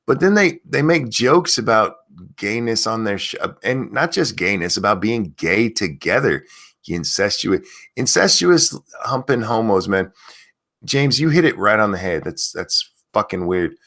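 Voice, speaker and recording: A man's voice: unhurried, creaky. A man hosting a casual livestream, ranting with a lot of profanity and reading viewer comments aloud. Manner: lively pitch, mocking voices. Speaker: streamer host.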